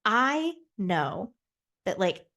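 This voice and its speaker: A young woman talks through a solo podcast in loose, candid chat. She swears freely and slips into quick voices for the people in her stories. Her voice sits in a middle register. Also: medium pitch, big pitch swings, pushed and bright. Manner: chatty, candid and profane, acts out quoted voices. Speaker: podcast host.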